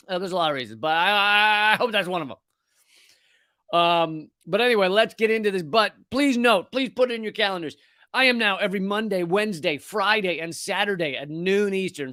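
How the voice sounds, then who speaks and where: Man, livestream comedy host, raised voice to mock calm, high voice. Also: no room sound, studio quality. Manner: loud, swinging between shouting and sarcastic calm.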